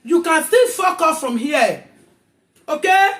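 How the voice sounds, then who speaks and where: A woman with a Nigerian accent, ranting angrily in a vlog, repeating herself and often shouting. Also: high voice, animated, slow pace, echoey room. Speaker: vlogger. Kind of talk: angry rant to camera.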